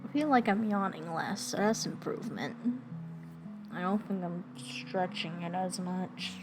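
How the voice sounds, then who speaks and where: A woman's voice: on the low side, unhurried. A young woman streamer reading a visual novel's text aloud and dropping casual asides between the lines. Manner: reads game dialogue aloud, breaking off for offhand asides. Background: game music.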